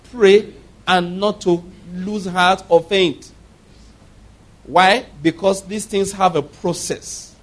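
A high-pitched male preacher from Nigeria delivering a sermon. He drops into low, quiet storytelling, then climbs into loud exhortation. He keeps putting rhetorical questions to the congregation. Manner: swings between low murmurs and loud exhortation.

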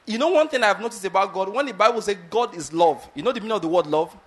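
A man's voice: high voice, animated, fast talker, a bit bright, slightly rough. A man preaching a sermon, retelling a scripture story and often asking his listeners whether they follow his point.

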